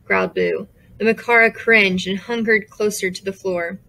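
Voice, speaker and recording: A woman's voice: mid-range voice, normal speed, gravelly, hardly any pauses, poor audio. Woman narrating a children's audiobook. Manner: steady storytelling with character voices. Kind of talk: scripted narration.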